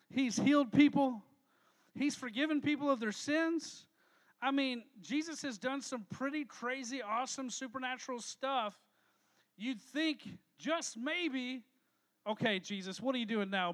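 Pastor, male, very high voice, upbeat and jokey, works the room with questions in a casual sermon. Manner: energetic, joking, talks to the crowd with questions. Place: church hall with a live audience.

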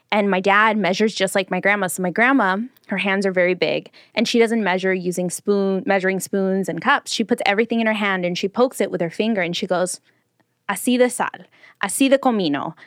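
Young woman, host, lively storyteller, dry close mic, medium pitch. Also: fairly quick, no room sound. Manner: lively storyteller, does voices for quoted people. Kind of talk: casual storytelling chat.

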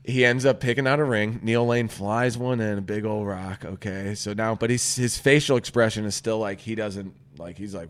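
A man's voice: lowish voice, normal speed, few pauses. A man hosting a radio show, casually and profanely retelling a story and acting out the people in it. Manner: animated, profane, storytelling with acted-out quotes. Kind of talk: casual comedic chat.

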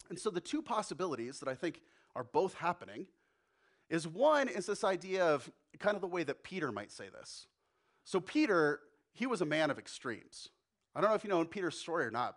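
A man preaching a sermon as pastor, conversational and animated, acting out quotes. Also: high-pitched.

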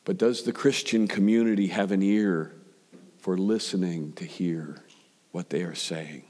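A male preacher delivers a sermon in a relaxed storytelling manner and stacks up rhetorical questions. His voice sits low. Long reverb rings behind him, as in a large hall. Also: a little slow. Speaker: pastor.

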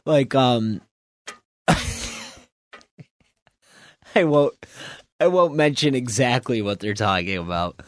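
A man co-hosting a podcast in casual chat, telling stories haltingly and laughing mid-sentence. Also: medium pitch, darkish tone, no echo. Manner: slow, halting storyteller who keeps laughing mid-sentence. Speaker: podcast co-host.

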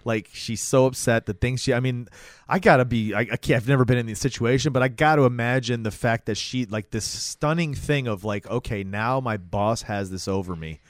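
A man's voice: medium pitch, brisk, no echo. Rambling conversational man, dry sound. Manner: conversational, rambling restarts, frequent agreeing interjections. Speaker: podcast co-host. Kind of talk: casual chat recapping a TV show.

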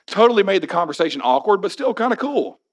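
A hoarse man in his forties, a pastor preaching a sermon in church and telling personal stories with wry humor. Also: sits high, very animated, fast. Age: 40s. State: hoarse after illness. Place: church sanctuary.

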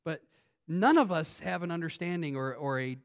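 A pastor preaching an earnest sermon that builds to emphatic points. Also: male voice, a little high, animated, moderate pace. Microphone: phone on pulpit.

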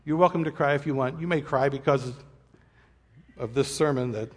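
At medium pitch and a moderate pace, a male pastor speaks with a breathy edge, his words followed by a long reverb tail. His sermon appeal in the church auditorium is earnest, vulnerable, and self-deprecating, with occasional moments near tears.

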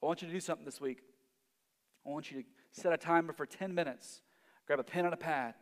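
Man, pastor, sermon, higher voice, lingering hall reverb. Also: fast talker. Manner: preaching with swells of emphasis, then dropping to a hush.

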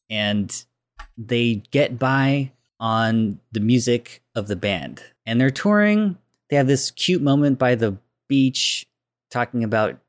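A man co-hosting a podcast, casually retelling a film's plot in a relaxed, chatty way with filler words. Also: mid-range voice, no echo. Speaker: podcast co-host. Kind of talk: casual film recap chat.

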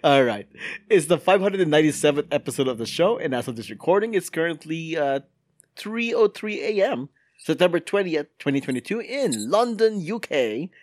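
Animated man hosting a casual podcast. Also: on the high side, normal speed, dry recording, clean studio sound. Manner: animated, laughs often, reads news aloud. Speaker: podcast host. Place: London.

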